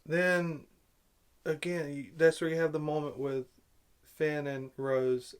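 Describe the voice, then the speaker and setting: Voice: medium pitch, flat delivery, takes it slowly, clear, resonant tone. A vlogger giving an angry film-review rant, sarcastic and exasperated, full of rhetorical questions.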